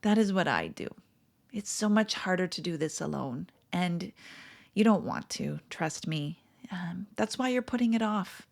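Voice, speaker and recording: A middle-aged woman coach in a reflective monologue, tearful and crying, emotional and halting, with sighs and soft breathy asides. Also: lowish voice, expressive. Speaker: podcast host and coach.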